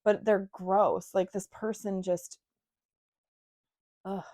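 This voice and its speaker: A woman's voice: mid-range voice, level tone, takes it slowly, mellow. A young woman giving a casual, intuitive tarot reading to her viewers, talking frankly with lots of fillers and asides. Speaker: tarot reader.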